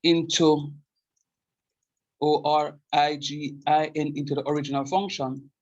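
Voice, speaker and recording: Husky-voiced man teaching calculus. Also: fairly high pitch, flat delivery, a little slow, darkish tone, muffled recording. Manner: repeats key points emphatically and checks understanding. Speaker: calculus lecturer. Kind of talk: classroom math lecture.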